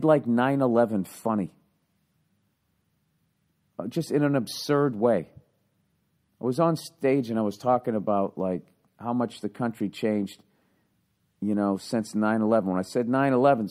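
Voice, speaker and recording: A man and stand-up comedian telling a story in casual chat, profane and animated. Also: medium pitch, moderate pace, long pauses. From United States.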